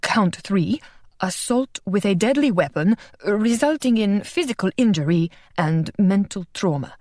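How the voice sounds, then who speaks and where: A woman's voice: mid-range voice, expressive, measured pace, a little mellow, dry recording, studio quality, lightly acted. A woman narrator voicing a nervous, fumbling male court secretary reading out charges. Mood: nervous formal. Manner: hesitant, stammering formal reading.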